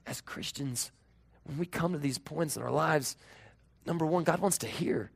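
Earnest pastor man, slightly high voice. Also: normal speed, creaky, slightly rough. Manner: earnest, swings between raised emphasis and hushed tender tones. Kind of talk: sermon.

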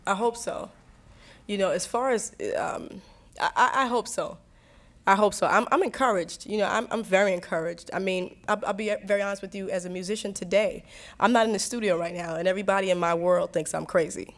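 A woman's voice: mid-range voice, fairly quick. Earnest woman musician telling stories. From New Jersey, USA. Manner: earnest, with frequent restarts and laughs. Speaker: interviewee, singer and songwriter. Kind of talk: reflective conversational storytelling.

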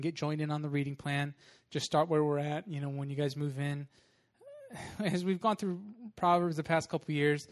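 Casual, upbeat man preaching a sermon. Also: fairly high pitch. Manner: casual, animated storytelling with laughs. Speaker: pastor.

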